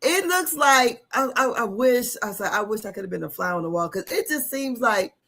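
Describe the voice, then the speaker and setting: A woman's voice: a little high, animated, moderate pace, bright, forceful tone. A woman co-hosting a casual podcast chat, blunt and swearing freely. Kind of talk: casual chat about reality TV.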